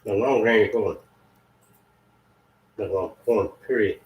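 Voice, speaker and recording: A man's voice: on the low side, slow. A man chiming in casually from across the room with short, offhand remarks. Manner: lively, offhand interjections. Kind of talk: casual off-mic chat. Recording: distant echoey lo-fi room sound.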